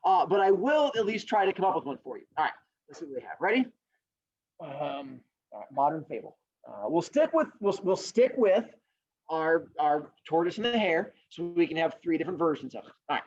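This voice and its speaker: A man's voice: on the high side, sing-song, a little fast, darkish tone. A man teaching a class, explaining and telling a story in a playful, jokey way. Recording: dull lo-fi recording.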